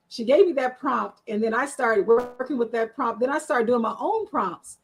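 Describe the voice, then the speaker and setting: Frank and talkative, a woman guest on an online panel show, a marketing strategist, tells her story full of fillers. Her voice is on the high side with a breathy edge, captured in a rough recording.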